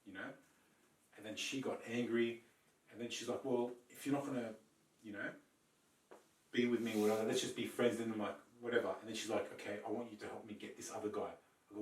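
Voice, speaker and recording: Man, podcast storyteller, animated, swears a lot, roomy echo, distant mic. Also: on the low side. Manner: animated, swearing, acts out quoted lines. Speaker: podcast co-host. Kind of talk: casual storytelling chat.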